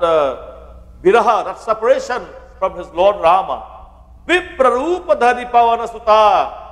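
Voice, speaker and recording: High-voiced male pandit preaching in a hall. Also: fairly bright tone. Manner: addresses listeners as devotees, quotes scripture. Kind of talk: Ramayan sermon.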